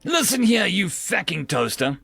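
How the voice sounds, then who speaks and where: A man voicing a furious, exhausted male crewman who shouts and swears. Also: high voice, very animated, measured pace, creaky, breathy edge, dry recording, soft background music, full character voice.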